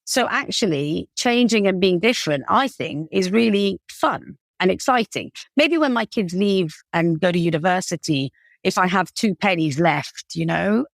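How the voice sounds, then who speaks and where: Her voice is low-leaning, gravelly and animated, at a normal speed, as this English woman in her forties chats on a podcast about founding her cake business. She has a British accent, runs herself down often and uses lots of fillers. Clean studio sound, no room noise.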